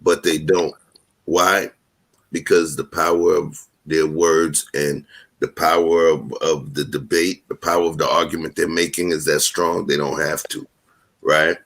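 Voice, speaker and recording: A man hosting a live online discussion, calmly urging a guest to argue with substance over insults, repeating his points earnestly. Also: extremely low pitch, measured pace. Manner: earnest, coaxing, repeats himself. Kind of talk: livestream debate moderation.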